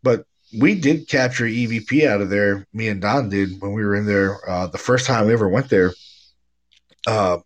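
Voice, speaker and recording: A man with a fairly low voice speaks at a normal speed, hosting a podcast as a paranormal investigator. He tells ghost stories in a relaxed, casual chat, sounding stuffy-nosed and dropping "man" and "dude" often.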